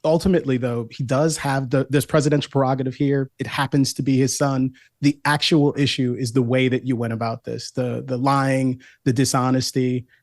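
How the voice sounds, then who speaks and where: A man who co-hosts a podcast talks politics in a measured, wry voice, now and then restarting his sentences. The sound is dry and close, with no room echo. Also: mid-range voice, little pitch movement. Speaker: podcast co-host guest. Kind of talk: casual political chat.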